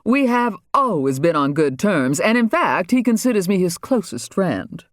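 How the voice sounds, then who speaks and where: A man's voice: high voice, big pitch swings, normal speed, dry recording, studio quality, pitched above the performer's own voice. A man voicing a pompous male government official who answers in a haughty, dismissive way.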